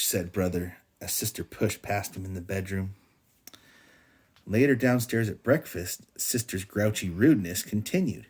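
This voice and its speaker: Husky dad reading a bedtime story. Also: male voice, low voice, measured pace, darkish tone. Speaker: father reading aloud. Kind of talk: bedtime storybook read-aloud.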